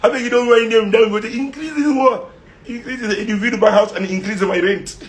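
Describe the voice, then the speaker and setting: A man's voice: high-pitched, fairly even intonation, brisk. A man with a Nigerian accent giving an impassioned monologue, fiery and laughing often as he slips into pidgin. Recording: roomy echo.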